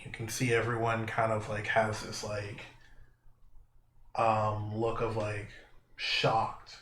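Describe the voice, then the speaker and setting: Dude running a tabletop game, slow rambly narration, echoey room with a little hiss. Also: male voice, fairly low pitch, completely flat delivery, a bit bright. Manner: unhurried, filler-heavy description. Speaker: game master. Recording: echoey room, faint noise.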